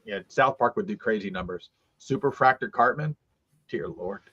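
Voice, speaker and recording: A man's voice: lowish voice, moderate pace, pushed and bright, breathy edge, lo-fi sound. A man co-hosting a trading card stream, talking in a rambling way with lots of fillers and restarts. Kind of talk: casual chat.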